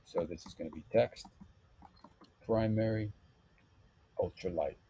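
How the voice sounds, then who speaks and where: A man hosting a screen-recorded web design tutorial, calmly talking through each step with frequent fillers. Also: deep voice, unhurried, noisy background. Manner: relaxed step-by-step talk with fillers. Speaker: web developer tutorial host.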